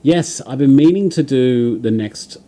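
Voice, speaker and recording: A man's voice: mid-range voice, a little slow, mellow. An Australian man hosting a livestream, chatting casually and reading out viewer comments, rambling with lots of fillers and restarts. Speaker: livestream host.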